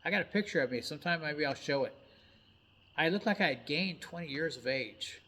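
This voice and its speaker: A man's voice: a little high, expressive, fairly quick, pushed and bright. A man of about fifty, a truck driver, telling a personal story in a blunt, folksy way with some mild cursing.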